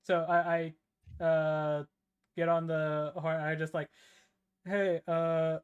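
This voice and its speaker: A tabletop player who talks in a playful, halting way, with many fillers. The tone is casual and joking. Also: medium pitch, little pitch movement, clear, resonant tone, narrow, tinny audio. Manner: hesitant, playful, laughs a lot.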